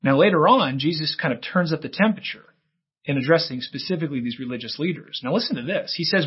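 A man preaches a sermon in a husky, slightly raised voice. He is earnest and emphatic, pushing his words upward to stress a point. The recording sounds somewhat muffled. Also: fairly high pitch, lively intonation, quick pace. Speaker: pastor.

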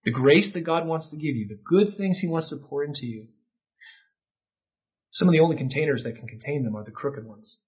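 A man preaching a sermon as pastor, impassioned, with peaks that rise to near-shouting. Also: fairly high pitch, animated, a little fast, husky. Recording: dull lo-fi sound.

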